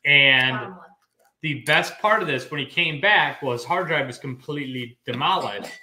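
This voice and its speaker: A man's voice: mid-range voice, measured pace, sharp tone, roomy sound. A man hosting a casual cooking stream, telling a long-winded, rambling story from his home kitchen. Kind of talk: casual chat while cooking.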